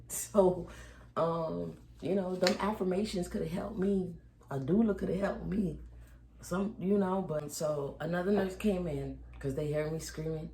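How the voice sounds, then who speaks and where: Gravelly-voiced woman telling her birth story. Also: on the low side, unhurried. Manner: animated, acts out each exchange; chatty, talks straight to viewers. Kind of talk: casual storytelling to camera. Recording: echoey room with faint background noise.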